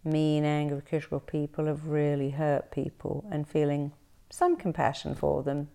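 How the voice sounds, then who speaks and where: Woman therapist, low warm voice, lively storyteller doing little voices for people. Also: normal speed, gravelly. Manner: animated storytelling, acts out quoted voices. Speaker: therapist guest. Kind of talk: casual interview chat.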